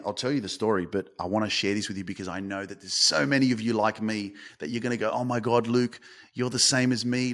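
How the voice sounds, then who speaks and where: An Australian man in his thirties hosting a motivational podcast, telling stories in a casual, animated way, swearing often and restarting his sentences. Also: fairly low pitch. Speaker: podcast host and coach.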